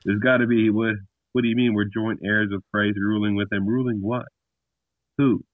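A male podcast guest with a lowish voice talks about scripture in a casual discussion, blunt and emphatic, at normal speed with a flat delivery. He tells stories and often restarts his sentences, and the dry recording sounds tinny, like a phone line.

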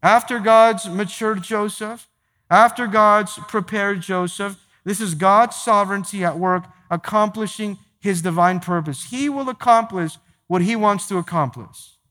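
A pastor preaching a sermon to his church, emphatic, repeating phrases and slowing down to stress key points. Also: high voice, a bit bright. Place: large church sanctuary. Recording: long hall reverb.

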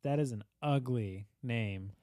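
A podcast co-host in casual chat who drops dry, deadpan one-liners. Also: mid-range voice, measured pace, no echo.

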